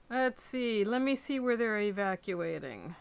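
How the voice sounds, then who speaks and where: A woman live streamer chatting casually to her dogs and viewers in a small room at home. She coaxes the dogs and drops to a soft hush when she praises them. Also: on the high side, creaky, clean tone, dry recording. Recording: dull lo-fi stream audio.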